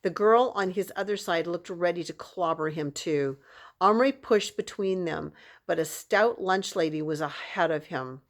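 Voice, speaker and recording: A woman's voice: fairly low pitch, measured pace. Woman reading a children's novel aloud. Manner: steady, expressive storytelling with a casual aside. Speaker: audiobook reader.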